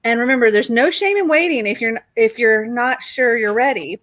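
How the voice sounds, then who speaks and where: A woman's voice: fairly high pitch, brisk, a bit bright, no echo, close to an everyday voice. A woman reading aloud the lines of a blunt, teasing mother who talks about sex in a matter-of-fact way, in a dry close recording. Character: blunt teasing middle-aged mother, deadpan.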